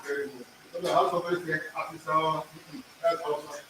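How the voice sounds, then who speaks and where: A man's voice: on the high side, level tone, unhurried, bright, forceful tone, a little hiss or hum. A man teaching an in-person language class, drilling pronunciation, repeating words and quizzing his students. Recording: echoey room, far from the mic.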